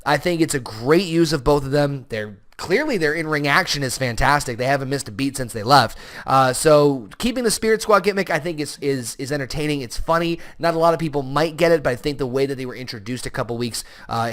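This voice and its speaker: Animated man reviewing wrestling. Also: fairly high pitch. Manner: animated, frequent restarts and asides. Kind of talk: casual solo review vlog.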